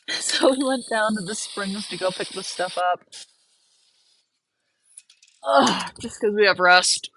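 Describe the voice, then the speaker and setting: Gal rambling on a live stream, chatty, laughs a lot, outdoors by a barn. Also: female voice, medium pitch, slow, long pauses, background noise. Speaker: homesteader and livestream host. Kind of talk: casual livestream chat while working.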